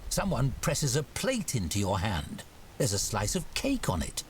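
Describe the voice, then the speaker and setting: A man's voice: mid-range voice, huge pitch swings, measured pace, slight background noise. A man giving scripted narration for a story game in a dry storybook manner.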